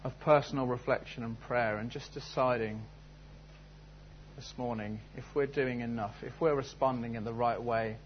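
A man's voice: mid-range voice, steady tone, normal speed, highs cut off, slight background noise. A man preaching a sermon, telling a story and then asking earnest, searching questions. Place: church service.

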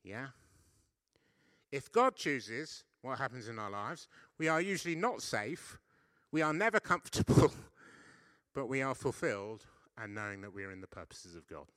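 A man's voice: mid-range voice, lively intonation, moderate pace, sharp tone, no echo, clean studio sound. A man giving a conversational sermon as a preacher, often checking in with his listeners and poking fun at himself. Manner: conversational, self-deprecating, frequent "yeah?" checks. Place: church.

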